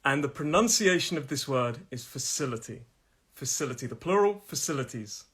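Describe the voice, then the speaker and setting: A man with a British accent teaching English pronunciation on a live stream from his phone, chatty and laughing often, slowing down to repeat each word with its stress. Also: medium pitch, expressive, fairly bright tone, slightly rough. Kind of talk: live-streamed language lesson.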